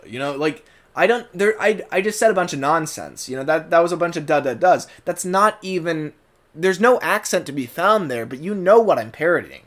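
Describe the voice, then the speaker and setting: A man giving a casual, rambling fan commentary, full of fillers and restarts, animated, now and then breaking into character voices. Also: fairly high pitch, moderate pace. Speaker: channel host, fan commentator.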